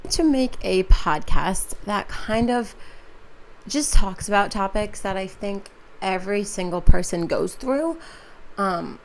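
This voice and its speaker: A woman's voice: mid-range voice, lively intonation, takes it slowly, slight background noise. A twenty-one-year-old woman hosting her own podcast, talking casually and chattily with lots of "like" and "um". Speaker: podcast host.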